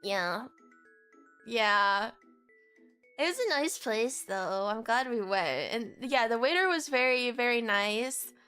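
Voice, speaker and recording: Female streamer, young adult; bright, high-ish, giggly, rambling casual chat. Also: lively intonation, takes it slowly, clean tone, faint music behind.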